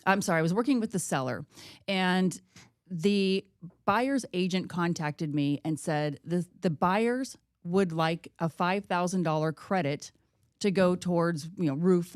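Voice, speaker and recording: A chatty woman co-hosting a podcast, her voice sitting a little low for a woman. She tells her stories in a lively, conversational way, close to a dry, dead-sounding mic. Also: no echo. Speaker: podcast co-host, real estate. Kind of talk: casual podcast chat.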